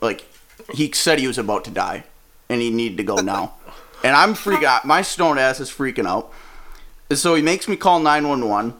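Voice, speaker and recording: A man from Wisconsin, a stand-up comedian, telling a story casually, swearing and laughing as he goes. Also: on the high side. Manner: profane, animated, laughs mid-story.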